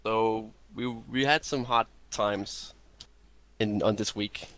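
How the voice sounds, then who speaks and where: A man who is a guest in a casual gaming interview and gives relaxed, rambling answers. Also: fairly low pitch, takes it slowly. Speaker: interview guest, esports player.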